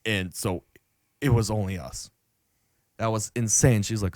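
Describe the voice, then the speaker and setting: A man's voice: lowish voice, fairly even intonation, a little slow, pauses often, a little mellow, no room sound, studio quality. A young man hosting a podcast, telling a rambling, profane story full of fillers. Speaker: podcast host. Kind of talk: casual chat.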